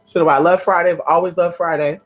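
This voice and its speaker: Quick-paced and steady in tone, a woman with a lowish voice leads a relaxed conjure livestream. She stays sassy and chatty, calls her viewers "honey" and "girl," and keeps erupting into loud laughs and exclamations.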